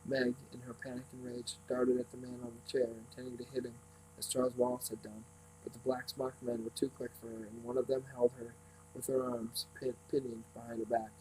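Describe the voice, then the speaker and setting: A man reading a novel aloud at a steady pace, with small slips and restarts. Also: medium pitch, brisk, a little hiss or hum, poor audio. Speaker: reader.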